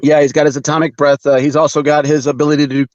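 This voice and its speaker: A man as a guest in a casual chat about comics, talking haltingly with many fillers and frequent chuckles over a video call. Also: a little high, level tone, no echo. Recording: dull dry video call audio.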